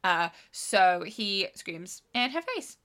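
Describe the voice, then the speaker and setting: Woman, bright tone, lively retelling of film scenes in a casual chat. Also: medium pitch, slow. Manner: animated, acts out scenes in quoted voices.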